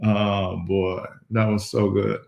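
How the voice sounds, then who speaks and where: Man, pastor hosting casual chat, teasing, playful, falsetto bursts, echoey room. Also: flat delivery, takes it slowly, creaky, muffled recording. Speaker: pastor and host.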